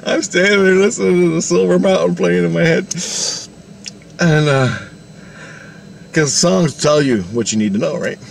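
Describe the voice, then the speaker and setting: A man's voice: fairly high pitch, normal speed, creaky, a little hiss or hum. A man rambling through a spiritual vision story, laughing often and acting out the dialogue.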